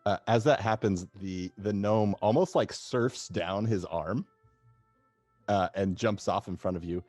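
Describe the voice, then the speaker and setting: Relaxed male game master, very low voice, faint music behind. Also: a little slow, no echo. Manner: relaxed, hesitant with fillers. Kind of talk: narrating a tabletop game.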